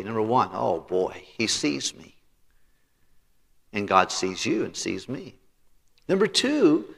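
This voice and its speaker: Preaching pastor with a bright voice. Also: male voice, medium pitch. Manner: preaching with voiced characters and congregational read-alongs. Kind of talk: sermon. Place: church sanctuary. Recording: reverberant church sanctuary.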